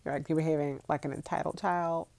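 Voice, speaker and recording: Low, gravelly woman chatting on a livestream. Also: steady tone, fast talker, a little mellow. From United States. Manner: chatty, laughs often, answers viewer comments. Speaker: vlogger reading live chat. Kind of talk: casual livestream chat. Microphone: phone.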